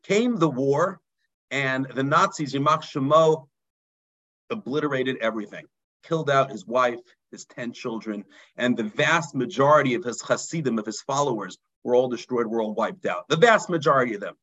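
A man, a rabbi telling a story in a mussar sermon, dropping low and quiet for emphasis. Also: moderate pace, dull audio. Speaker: rabbi teaching a mussar class.

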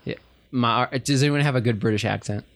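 Guy on a gaming podcast, joking around, laughing a lot, mid pitch. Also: quick pace. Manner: playful, laughing often. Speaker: podcast co-host. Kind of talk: casual chat, quizzing friends.

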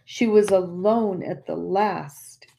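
A man's voice: high-pitched, slow, gravelly, dark tone, slight background noise, heavily acted. A woman reading aloud the lines of a weary, grieving middle-aged husband in a subdued, sorrowful way, close to her own voice.

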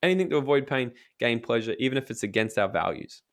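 A man's voice: medium pitch, fast talker. A man who works as a motivational speaker and coach, talking in a casual interview with energy and blunt, profane language, acting out inner voices. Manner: energetic, blunt, swears freely; acts out inner voices in quotes.

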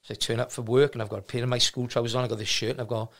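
Middle-aged man, gym-owner guest; rapid, gravelly, frank, full of restarts. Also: mid-range voice, little pitch movement. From South Wales. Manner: rambling, frank, with many restarts. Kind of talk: casual storytelling interview.

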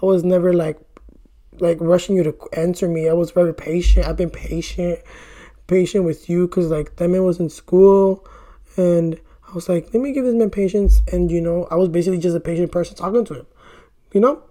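A man's voice: high-pitched, flat delivery, normal speed, dark tone. A young man chats straight to camera as he does his makeup, spinning a long, rambling story about a date gone wrong. He talks loosely and casually, drops "bro" often, and swears freely whenever he gets worked up. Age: young adult. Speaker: vlogger.

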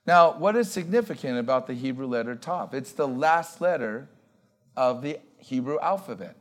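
A male pastor preaching a sermon in an emphatic way, repeating key words and slowing down to stress them. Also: medium pitch, expressive.

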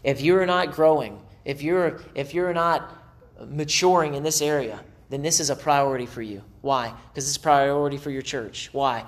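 A middle-aged man preaching a sermon as pastor, in a conversational, animated way with acted asides. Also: on the high side, normal speed.

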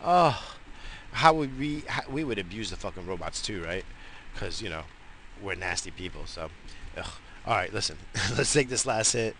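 Profane rambling male podcaster, bright voice. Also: deep voice, animated, normal speed, a little hiss or hum. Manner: rambling, profane, self-mocking. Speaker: podcast host. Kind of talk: casual solo podcast rant.

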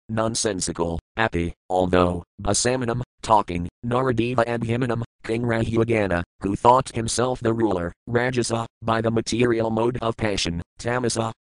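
A man reading scripture aloud in a steady, measured recitation of verses and word glosses. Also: fairly low pitch, no room sound, low-quality recording. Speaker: reader.

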